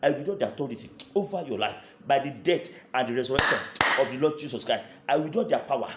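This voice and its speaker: A man's voice: medium pitch, expressive, fast talker, echoey room, highs cut off, heavy background noise. A man with a Nigerian English accent preaching a fervent prayer sermon, repeating declarations with rising intensity. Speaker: pastor.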